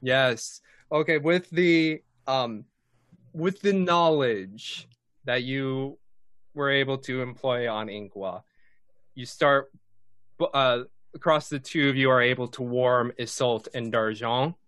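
A man running a tabletop game as game master, narrating in a measured way with small hesitations. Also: medium pitch, fairly bright tone, clean tone, no room sound.

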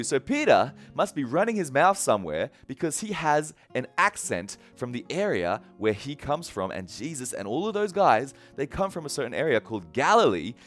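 Animated, casual preacher man. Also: fairly high pitch. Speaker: pastor. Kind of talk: sermon.

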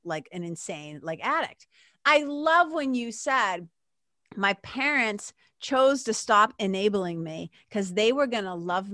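A woman with a mid-range voice interviews a guest in a relaxed, chatty way. She fills her sentences with "like" as she draws out his story. The sound is dry and close, with no echo. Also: medium pitch. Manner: chatty, leans heavily on "like". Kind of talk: casual conversational interview.

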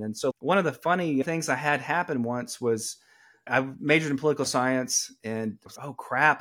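A middle-aged man from Atlanta with a Southern accent, telling stories in a conversational podcast interview and acting out the people he quotes. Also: fairly high pitch. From Atlanta, Georgia, US. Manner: animated storyteller who acts out quoted people. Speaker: attorney, podcast guest. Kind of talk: conversational storytelling.

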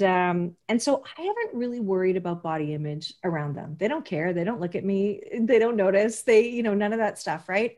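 A woman's voice: medium pitch, a little mellow. A chatty woman in her forties hosts a casual interview. She talks in loose, rambling runs, stops to restart her sentences, and pokes fun at herself. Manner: chatty, self-deprecating, many fillers and restarts. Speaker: podcast host.

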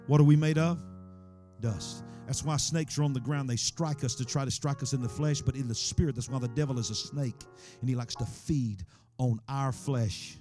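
A male preacher delivering a sermon, swinging between loud, high exclamations and hushed, low passages, and often putting rhetorical questions to the congregation. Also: steady tone, moderate pace, over music.

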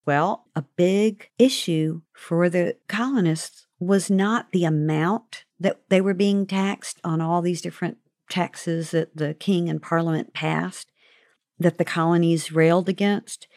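Woman, lowish voice, friendly teacherly explainer, dry close mic. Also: fairly even intonation, unhurried, darkish tone, dry recording. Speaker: author and show regular. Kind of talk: casual explainer.

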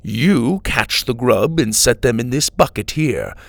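A man voicing a hearty, round man who calmly teaches fishing, in a storybook reading. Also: medium pitch, unhurried, creaky, no echo. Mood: instructive. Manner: steady instructive. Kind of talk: storybook read-aloud.

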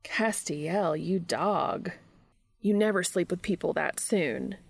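A self-assured young man with an easy drawl, read by a woman. He sits low in the voice, with a gravelly texture, and the sound is dry and close. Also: animated, slow, dry recording, full character voice. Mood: cocky. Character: cocky, smirking young man, the twin brother.

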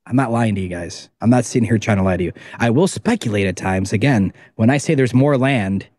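A man's voice: lowish voice, fairly quick, a little mellow, no echo, clean studio sound. A man who makes documentaries, a guest on a casual podcast interview, talking in an emphatic, rambling way and swearing freely.

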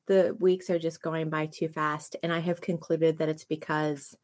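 A woman's voice: deep voice, flat delivery, moderate pace, a little mellow. A middle-aged woman hosting a casual devotional livestream, chatty and enthusiastic, greeting viewers by name. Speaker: ministry host of a live devotional.

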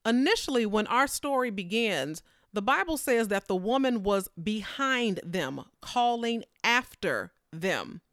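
A woman preaching a sermon in a conversational, animated way, acting out the people in the story with playful voices. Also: mid-range voice, a little slow, few pauses, dry recording, clean studio sound.

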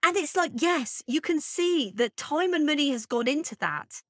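A woman's voice: high voice, animated, moderate pace, no room sound, studio quality. A woman co-hosting a podcast, chatting casually and thinking aloud with plenty of fillers. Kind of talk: casual chat.

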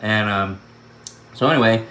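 A man telling an animated personal story and laughing often as he goes. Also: on the low side, a little slow. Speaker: speaker sharing a personal testimony. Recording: echoey room with faint background noise.

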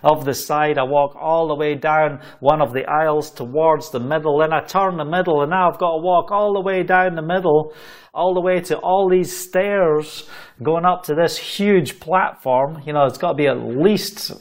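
A Scottish man from Scotland, a travelling preacher, telling a testimony with animated storytelling, laughing between phrases. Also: fairly high pitch, normal speed.

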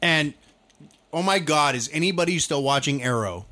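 A man's voice: on the high side, animated, moderate pace, pushed and bright. A man with a slightly raised voice is ranting casually with a co-host. His talk is loose and profane, and his exasperation builds as he goes. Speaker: podcast co-host. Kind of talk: casual chat.

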